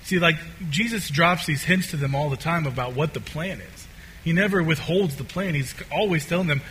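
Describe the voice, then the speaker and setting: A man's voice: on the high side, moderate pace, fairly bright tone, a little hiss or hum, poor audio. A man preaching a sermon in a casual, conversational way, with many fillers and restarts.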